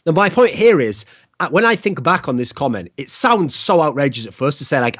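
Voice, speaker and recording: A man in casual podcast chat who lays out his arguments in a measured way. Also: on the high side, sing-song, fairly bright tone, dry recording, studio quality. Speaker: podcast co-guest.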